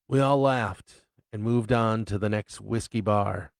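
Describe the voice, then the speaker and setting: A man reads from his own novel in a slow, unhurried storytelling voice. His tone is low and gravelly, with a dry, close sound. He delivers crude humor in a matter-of-fact way. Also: dry recording. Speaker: author reading his novel. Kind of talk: live reading of fiction.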